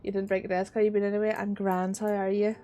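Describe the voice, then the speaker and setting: A woman's voice: medium pitch, level tone, quick pace, mellow. A woman with a Northern Irish accent chatting casually while streaming a game, swearing freely and laughing often. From Northern Ireland. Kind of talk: casual live-stream chat while gaming.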